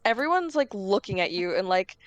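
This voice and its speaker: A woman's voice: medium pitch, very animated, fairly quick, no room sound. A woman narrating as game master in a tabletop game, rambling with lots of fillers.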